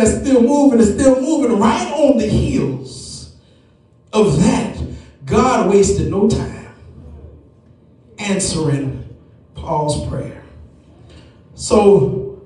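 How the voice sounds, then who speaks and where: A man preaching a sermon, stretching his words slowly and rising into chanted, shouted whooping. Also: sits high. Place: large church sanctuary. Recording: echoey church room, mic far off.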